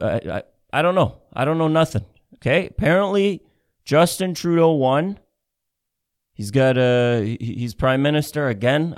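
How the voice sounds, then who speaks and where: A man's voice: mid-range voice, clear, resonant tone. A man from Canada doing a stand-up comedy set, profane and rambling, with many repeats and restarts.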